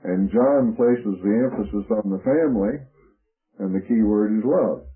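Man, Bible teacher, methodical numbered outline, lowish voice, thin phone-like radio sound. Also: measured pace. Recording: phone-like narrow radio broadcast.

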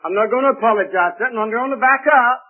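A man preaching a folksy, emphatic sermon with an American accent, swinging between loud and quiet. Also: very high-pitched, fast talker. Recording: tinny old radio broadcast.

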